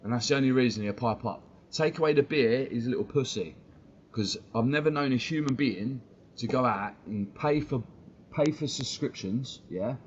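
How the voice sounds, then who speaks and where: A man's voice: medium pitch, normal speed. A man tears into his critics in a heated, swear-laden live-stream rant. His voice sits in an ordinary middle register. The stream audio is dull and lo-fi with a faint hiss underneath. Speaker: fan channel host. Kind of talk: ranting live-stream commentary.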